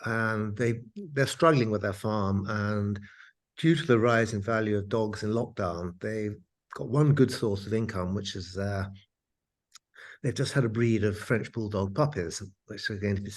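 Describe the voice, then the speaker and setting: A man, an author, telling animated stories in an interview. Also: on the low side, unhurried. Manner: animated storyteller. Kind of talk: interview, anecdotal storytelling.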